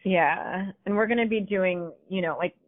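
Joking, chatty guest on a tinny line. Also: female voice, medium pitch, moderate pace, dry recording. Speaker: podcast guest, business owner. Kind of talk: casual interview. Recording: tinny phone-like sound.

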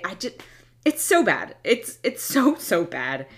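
A woman's voice: mid-range voice, big pitch swings, slow, a bit bright. A woman giving a casual, blunt, opinionated film review, often restarting and trailing off mid-thought. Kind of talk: casual movie review monologue.

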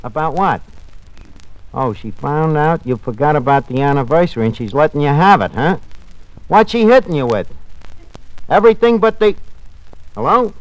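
An actor playing a brash, ungrammatical tavern manager in a 1940s radio comedy. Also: male voice, a little high, expressive, normal speed, pauses often, lightly acted, low-quality recording. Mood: wisecracking. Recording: old radio broadcast with live audience.

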